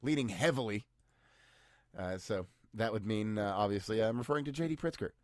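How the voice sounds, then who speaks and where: A man's voice: lowish voice, fast talker, dry recording. A man co-hosting a podcast, giving news commentary in a dry, sarcastic way with mock-cheerful asides. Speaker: podcast co-host.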